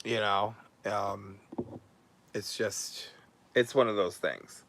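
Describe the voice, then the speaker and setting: A man's voice: on the low side, steady tone, slow, vocal fry, fairly bright tone. A male host chatting casually on a livestream, blunt and sarcastic with crude language.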